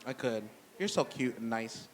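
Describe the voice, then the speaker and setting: A man doing a stand-up comedy set in a brewery, blunt and profane with a deadpan delivery. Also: medium pitch, normal speed. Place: brewery venue with live audience. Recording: noisy live room.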